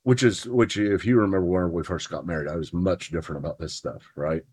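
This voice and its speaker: A man's voice: low-pitched, fairly even intonation, quick pace, darkish tone, slight background noise. A man hosting a podcast, talking theology in a casual, earnest way with his spouse and building to emphatic points. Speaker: podcast host. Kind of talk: casual theology chat, partly read from notes.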